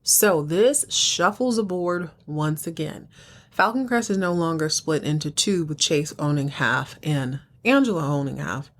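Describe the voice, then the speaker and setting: A woman's voice: low voice, unhurried. Chatty woman recapping an episode. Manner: animated, chatty storytelling. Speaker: podcast host.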